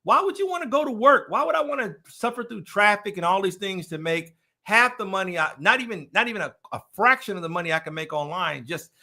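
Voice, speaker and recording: A man's voice: sits high, expressive, quick pace, few pauses, bright, forceful tone. A man hosting a casual podcast chat, ranting emphatically with a lot of swearing. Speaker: podcast host.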